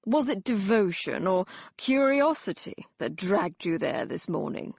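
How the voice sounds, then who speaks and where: A woman voicing a drunken, mocking young Victorian gentleman who talks loudly and slurs his words. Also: mid-range voice, very animated, a little slow, gravelly, breathy edge, no echo, full character voice. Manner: loud, slurring, teasing.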